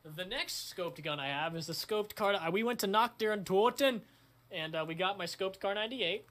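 A young man hosting his own channel, chatting casually in a crude, excitable way, swearing often. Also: sits high, normal speed. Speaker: channel host. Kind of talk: casual vlog chat.

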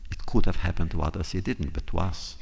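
Deep gravelly-voiced man telling a story. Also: darkish tone, slight background noise. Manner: unhurried, acts out quoted dialogue in a raised voice; restarts words, repeats phrases for emphasis. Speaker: guest speaker. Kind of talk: public talk with storytelling.

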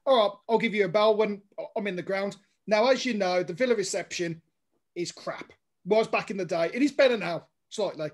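A man's voice: high voice, darkish tone. A man in a casual chat, telling a story with energy and acting out the other people's lines. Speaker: podcast guest.

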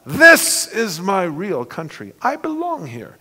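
A man voicing a noble male unicorn from a storybook, crying out in high, ringing exclamations. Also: huge pitch swings, takes it slowly, bright, forceful tone, full character voice. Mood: joyful. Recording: long reverb of a large hall.

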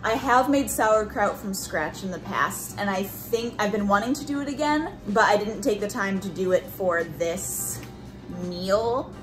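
A woman's voice: medium pitch, a little slow, music in the background. A woman vlogger cooking in a home kitchen, chatting casually as she explains each step plainly.

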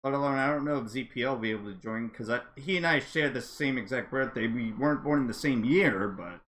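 A man live-streaming a racing game, chatting casually and reacting with excitable exclamations. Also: mid-range voice, fast talker. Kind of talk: casual live-stream chat while gaming.

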